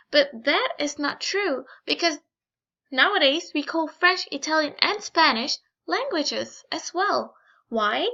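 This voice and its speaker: A young woman giving a school screencast presentation, reading carefully with pauses and small restarts. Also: high-pitched, pushed and bright, muffled recording. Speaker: student presenter.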